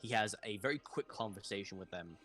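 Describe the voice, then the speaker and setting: Man game master, fairly low voice, casual hedging narration, faint music behind. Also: expressive, fairly quick, a bit bright. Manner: loose, hedging narration with fillers like "kinda".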